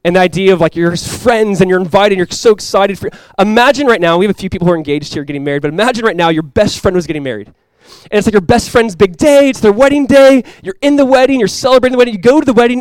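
A young male pastor delivers a sermon at a fast clip in a slightly high voice, talking casually and conversationally with plenty of "like" fillers. He sinks to quiet, earnest lows and climbs to loud, excited highs. The recording is dry, smooth, close-miked, and free of echo.

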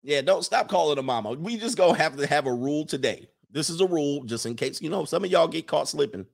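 An American man with a slightly high, animated voice and vocal fry talks fast, ranting casually and comically to his stream viewers. He preaches at them and reads their comments aloud.

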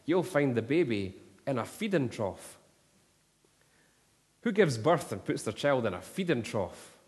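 Male pastor, fervent sermon delivery, mid-pitched voice, long echoing reverb. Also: big pitch swings, unhurried. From Scotland. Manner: impassioned preaching, rising to a near shout.

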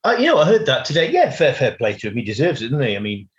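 A man's voice: medium pitch, wildly swooping pitch, rapid-fire, lo-fi sound. An Irish man, a football commentator guesting on a casual podcast, talking in an easygoing way with lots of fillers. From Ireland.

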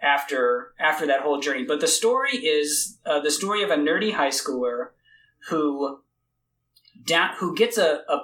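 Higher-voiced rambly podcast guy. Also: animated, moderate pace, fairly bright tone, rough recording. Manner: rambling, joking, lots of fillers. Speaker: podcast co-host. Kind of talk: casual chat.

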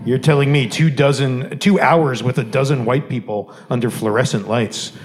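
A man's voice: medium pitch, fairly even intonation, normal speed, close to an everyday voice. A man playing an anxious, self-deprecating male professor who argues with his GPS in a comic stage dialogue. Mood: flustered. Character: flustered male professor driving.

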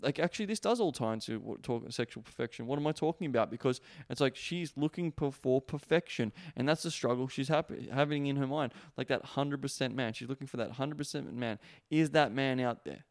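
A man's voice: medium pitch, fairly quick, hardly any pauses, no echo, studio quality. A young man hosting a solo podcast, talking in a rambling, profane way full of fillers. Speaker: podcast host, sex coach. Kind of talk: casual solo podcast monologue.

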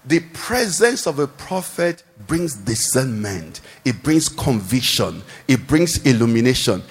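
A man preaching a sermon, animated, posing questions for the congregation to answer, recorded in a large church hall. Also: medium pitch, unhurried, husky. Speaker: pastor. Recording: echoey hall with long reverb.

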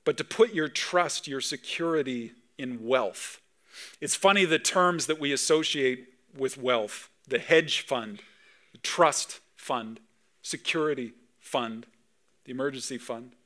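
A man's voice: mid-range voice, measured pace. A man in his thirties, a pastor from Canada, preaching a conversational sermon full of personal stories. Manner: storytelling, animated, conversational, sometimes emotional.

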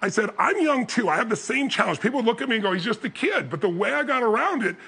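A man telling a story as a motivational speaker, acting out the other people's voices and building up to loud peaks. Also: extremely high pitch, big pitch swings, quick pace, creaky, slightly rough. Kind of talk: storytelling talk.

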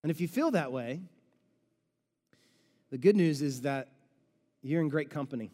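A male pastor preaching a sermon with animated storytelling and dramatic pauses, in a large church auditorium. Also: a little high, big-room sound.

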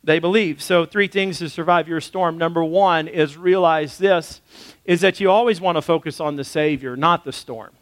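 A male pastor delivers a casual, animated sermon, slipping into acted-out quotes along the way. His voice sits high for a man. The sound is dry and close, with no room echo. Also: normal speed.

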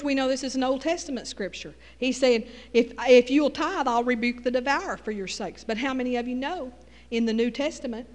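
A woman's voice: fairly high pitch, in a large hall. A middle-aged woman with a Texas Southern accent, preaching a folksy sermon with call-and-response asides.

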